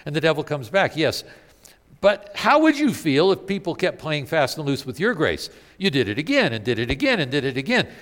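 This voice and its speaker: Animated preacher man in a reverberant hall. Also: a little high, brisk. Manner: animated, emphatic preaching with rhetorical questions. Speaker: pastor. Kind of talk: sermon.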